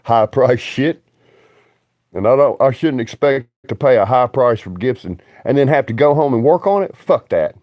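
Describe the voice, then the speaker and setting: A man's voice: medium pitch, animated, moderate pace, darkish tone, no echo, studio quality. A man, rambling bluntly and profanely on a livestream.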